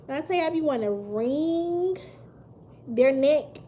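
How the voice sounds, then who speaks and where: Woman, 30s, high voice, live-stream host, animated, emphatic, quick to laugh. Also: slight background noise. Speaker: mukbang livestream host. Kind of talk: casual live-stream chat with viewers.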